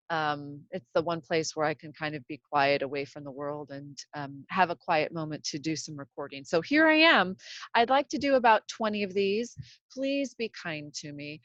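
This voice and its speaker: A woman's voice: deep voice, no room sound. Chatty woman in a dull lo-fi closet recording. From Seattle, USA. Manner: chatty, rambling, self-deprecating. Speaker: podcast host. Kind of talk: casual podcast monologue. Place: home clothes closet.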